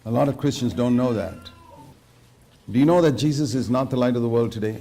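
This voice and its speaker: A man's voice: medium pitch, brisk, gravelly, warm tone. A man preaching a sermon in an earnest way, quoting scripture and questioning his listeners directly. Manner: quotes scripture verse by verse.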